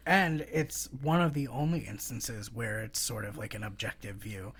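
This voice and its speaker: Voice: mid-range voice, steady tone, normal speed, a bit bright, husky. A podcast co-host chatting casually and thoughtfully about a film, with dry asides.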